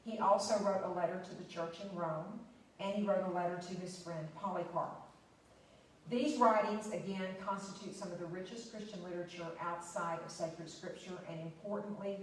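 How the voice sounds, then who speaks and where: A woman's voice: medium pitch, a little hiss or hum. Woman lecturing in an echoey church hall. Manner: unscripted, with fillers and restarts, stressing key words. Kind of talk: church history talk. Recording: very echoey, distant room recording.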